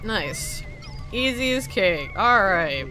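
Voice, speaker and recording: A woman giving loud, profane commentary over gameplay, scolding and cheering the characters on screen and laughing often. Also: medium pitch, animated, slow, music in the background. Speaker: gaming video creator.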